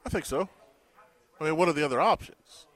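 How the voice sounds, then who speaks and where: A man's voice: on the high side, fairly quick, no echo. A man co-hosting a sports radio show, telling stories in casual chat and acting out the lines of people he quotes. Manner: animated storyteller, acts out quoted dialogue. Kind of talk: casual sports talk and storytelling.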